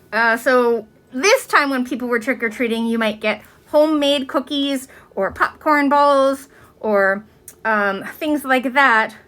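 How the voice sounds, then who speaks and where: A woman's voice: fairly high pitch, fairly bright tone. A woman reading a children's book aloud, with chatty asides to young listeners.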